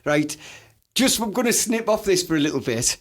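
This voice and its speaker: A man's voice: sits high, sing-song, moderate pace. A man with a Teesside accent co-hosting a podcast, chatting in a teasing, laughing way. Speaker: podcast co-host. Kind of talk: casual chat.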